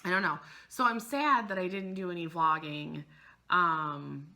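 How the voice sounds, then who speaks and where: Woman, thirties, casual vlog chat, lowish pitch, bright edge, rambling, teary. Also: measured pace. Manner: rambling, gushing, trails off mid-sentence. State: emotional, close to tears. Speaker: cross-stitch vlogger.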